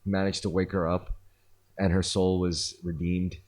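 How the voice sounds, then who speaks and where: A man's voice: deep voice, little pitch movement, unhurried, darkish tone. A man hosting a podcast, retelling a story in a rambling casual way with lots of fillers and swearing. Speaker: podcast host. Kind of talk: casual chat.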